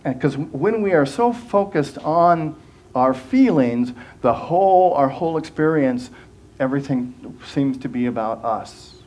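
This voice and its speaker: Man, minister, sermon, fairly high voice, earnest, conversational, frequent restarts. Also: expressive, measured pace, darkish tone.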